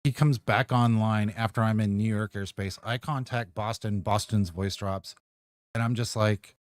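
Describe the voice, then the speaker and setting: A man with a fairly low voice chats casually on a live stream about controlling flight-sim traffic. He rambles, restarts his sentences and laughs easily. The sound is dry and close. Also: fairly even intonation, normal speed, no room sound.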